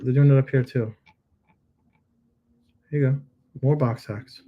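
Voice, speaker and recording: Man, middle-aged, live review host, jokey, thinks aloud, husky, dark mellow tone. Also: mid-range voice, fairly even intonation, a little slow, lo-fi sound. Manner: playful, jokey, thinks aloud while editing. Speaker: host giving live product listing reviews. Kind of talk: live screen-share critique.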